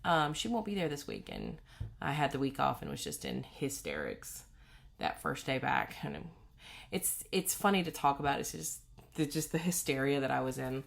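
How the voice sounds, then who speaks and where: Very low, gravelly-voiced woman. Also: big pitch swings, moderate pace. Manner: rambling, self-correcting, acts out quoted voices. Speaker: cross-stitch vlogger. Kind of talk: casual personal storytelling.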